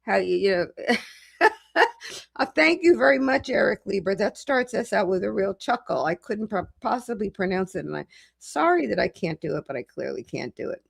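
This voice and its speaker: A middle-aged woman hosting a livestream, chatting casually with viewers as she reads comments and slowly sounds out foreign greetings. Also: medium pitch, expressive, gravelly, husky. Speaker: legal commentator and livestream host.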